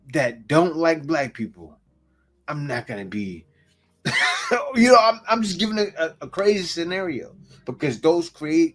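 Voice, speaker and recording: A man hosting a reaction video, giving blunt, joking commentary and laughing often. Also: mid-range voice. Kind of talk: casual commentary.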